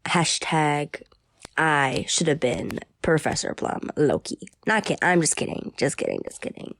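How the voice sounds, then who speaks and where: A woman's voice: sits low, animated, measured pace, vocal fry, dry recording, clean studio sound. A young woman voice actor rambling goofily to herself while reading through a script. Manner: goofy, rambling, mock-dramatic.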